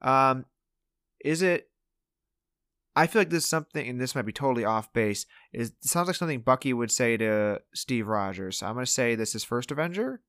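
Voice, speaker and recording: Podcast co-host, male, mid-pitched and joking, on a dry close mic. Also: animated, fairly bright tone, dry recording. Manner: playful, jokey, does quick impressions. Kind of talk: casual podcast chat.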